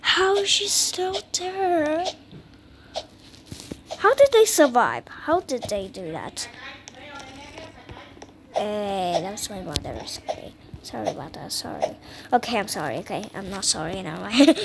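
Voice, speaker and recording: A young woman giving casual gameplay commentary, excitable and repeating herself, sometimes dropping to a whisper. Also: a little high, unhurried, pauses often, slight background noise. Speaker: gamer.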